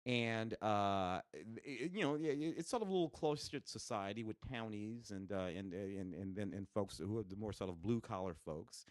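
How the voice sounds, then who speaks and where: A man in casual podcast chat, his voice rising and falling with animated swings in pitch. He stumbles through fillers and restarts as he talks. The sound is dry and close, with no room echo. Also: normal speed, few pauses. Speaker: podcast co-host. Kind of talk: casual chat reviewing home video releases.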